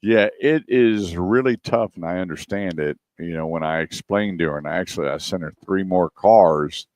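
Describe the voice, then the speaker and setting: A man's voice: sits low, normal speed, darkish tone, no echo. A man hosting a car radio show, casually retelling a customer call and acting out both sides in a dry, matter-of-fact way.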